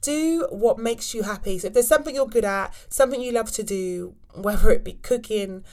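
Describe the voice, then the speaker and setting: Woman, mum vlogger, frank and animated casual advice. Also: fairly high pitch. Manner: chatty, frank and animated, with quick asides. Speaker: mum vlogger giving wellbeing tips. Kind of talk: casual advice chat to camera.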